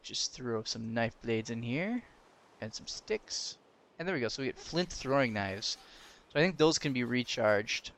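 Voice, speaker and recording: Young man, gameplay commentary, casual, lively swooping pitch, excitable, laughs a lot. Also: unhurried, slight background noise. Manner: excitable, yelps and laughs at danger, talks to game mobs. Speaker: gaming commentator.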